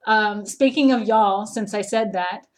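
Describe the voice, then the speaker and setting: A woman's voice: mid-range voice, unhurried. A woman with a mild Southern accent chats through a home livestream as an art teacher. Her talk is loose and rambling, peppered with ums and false starts. She keeps an easy, casual flow with her viewers. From Charleston, South Carolina, US. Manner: chatty and rambling, many ums and restarts.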